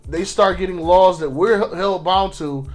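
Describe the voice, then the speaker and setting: A man's voice: high-pitched, normal speed, soft background music. A man co-hosting a podcast, arguing passionately and profanely in casual discussion, acting out quotes. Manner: impassioned, acts out quotes of police and victims; profane, repeats words when restarting. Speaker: podcast co-host.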